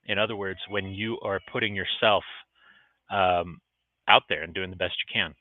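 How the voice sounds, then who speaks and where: A man's voice: sits low, steady tone, moderate pace, no room sound. A middle-aged man hosting a motivational livestream vlog from a restaurant, talking in an earnest, encouraging way. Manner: earnest and encouraging, emotional at times. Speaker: vlogcast host. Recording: tinny phone-like audio.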